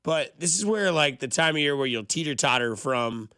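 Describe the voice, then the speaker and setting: A man co-hosting a morning sports radio show, telling rambling stories quickly and excitedly. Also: fairly high pitch, clear, resonant tone, no echo, clean studio sound. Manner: fast, excitable, rambling storyteller. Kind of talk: casual sports radio chat.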